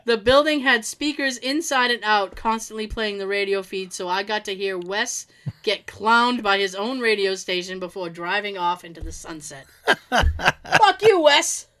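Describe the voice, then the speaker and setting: Reading listeners' work stories aloud in a casual manner, this woman speaks at a moderate pace with a medium-pitched, sharp-toned voice. She laughs frequently and drops quips between the stories.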